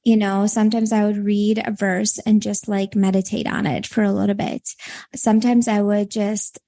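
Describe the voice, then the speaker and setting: A woman's voice: medium pitch, little pitch movement, moderate pace, warm tone. A woman in her thirties with a Minnesota accent, born in Latvia, speaking as a guest coach in a podcast interview and rambling with many fillers.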